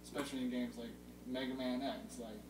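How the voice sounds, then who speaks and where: A man's voice: medium pitch, steady tone, a loud crowd. Young male student host, distant roomy sound. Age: young adult. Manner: informative, a little halting with fillers. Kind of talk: casual video-game chat. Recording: roomy, distant mic with loud hum.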